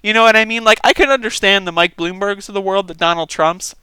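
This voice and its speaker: A man's voice: high voice, quick pace, bright, forceful tone, smooth, no room sound, poor audio. A man giving a casual political rant, profane, exasperated and sarcastic. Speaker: political commentator.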